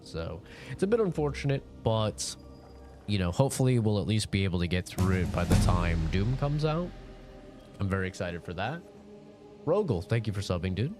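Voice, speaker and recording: A man's voice: fairly low pitch, sing-song, moderate pace, darkish tone, faint music behind. A sick young man with a nasal voice, chatting casually with his live-stream audience in a rambling, laid-back way.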